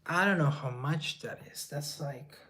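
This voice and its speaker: A man's voice: on the high side, measured pace, pushed and bright, slight background noise. A young man from Colombia chatting casually on a live stream, reading viewer comments and rambling in a self-deprecating way. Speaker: livestreamer and musician.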